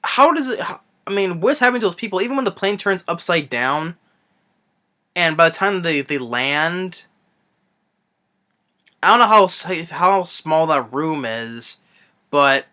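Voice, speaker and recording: A man with a bright, sharp-edged voice rants through a film review, audibly exasperated and scornful. He rambles off the cuff, stopping and restarting his sentences, filling the gaps with "you know" and "I mean". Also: a little high, lively intonation. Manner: rambling, halting, frequent restarts and fillers. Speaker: movie reviewer. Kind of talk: unscripted ranting film review.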